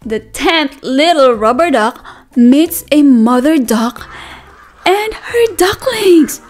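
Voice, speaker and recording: High, lively woman reading to toddlers. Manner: animated, sing-song, gasps and asks children questions. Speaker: preschool teacher reading aloud. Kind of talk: picture-book read-aloud for toddlers.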